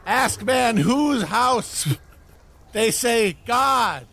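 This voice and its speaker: A high, halting forest barbarian. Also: male voice, animated, creaky, a bit bright, faint music behind, exaggerated voice. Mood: grave, solemn. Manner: halting caveman speech, one or two words at a time. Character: forest-raised barbarian man, simple and fierce. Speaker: player.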